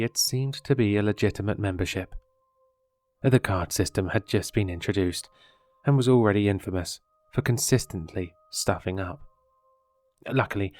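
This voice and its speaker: A man reads a horror story aloud in a measured, dramatic way. His voice sits low, and faint music plays underneath. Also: a little mellow, dry recording. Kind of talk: scripted horror story narration.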